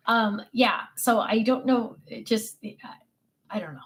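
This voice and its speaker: A woman's voice: fairly high pitch, a little slow. An older woman, a grandmother, chatting casually and telling family stories with many fillers and restarts. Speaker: craft vlogger. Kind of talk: casual chat.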